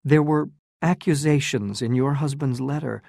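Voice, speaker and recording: A woman's voice: extremely low pitch, moderate pace, gravelly, warm tone, dry recording, clean studio sound, full character voice. A narrator voicing a proud, wounded young woman in love, pleading and emotional in a storybook reading.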